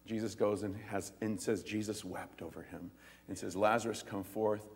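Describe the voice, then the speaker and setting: A male pastor preaching a sermon, retelling stories in a lively, animated way and acting out the voices. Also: lowish voice, moderate pace, vocal fry, husky, in a large hall. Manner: animated storytelling, acts out voices, laughs.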